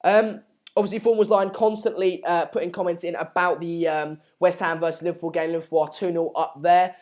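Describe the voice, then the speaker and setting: A man's voice: high voice, fairly even intonation, fairly quick, a little mellow. A young man hosting a casual live stream, reading out viewer comments in a hesitant, rambling way with many fillers.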